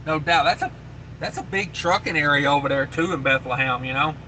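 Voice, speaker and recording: Trucker host, male, easygoing livestream chatter, somewhat high and forceful tone, faint vehicle hum behind. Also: fairly quick, rough recording. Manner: laid-back and rambling, with many fillers and repeated phrases. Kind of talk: casual live chat, reading viewer comments aloud.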